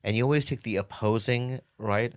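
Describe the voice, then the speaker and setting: A man co-hosting a comedy podcast in casual chat. He sounds exasperated and animated, swears a lot, stumbles over his words and repeats himself. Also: medium pitch, moderate pace, clean tone, no room sound, clean studio sound. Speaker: podcast co-host.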